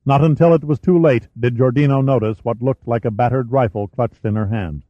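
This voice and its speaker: A man reading a thriller audiobook in a steady, measured storytelling manner. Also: medium pitch, dry recording. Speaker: audiobook narrator. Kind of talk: scripted thriller narration. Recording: dry, slightly muffled studio recording.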